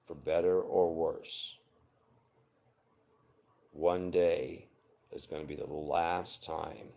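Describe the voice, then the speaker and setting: A very low-pitched man in his forties talks straight to his viewers about relationships. He is blunt and swears freely, but his advice comes across as earnest and heartfelt. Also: level tone, drawn-out words, vocal fry, mellow. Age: 40s. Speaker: vlogger. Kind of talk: unscripted personal monologue.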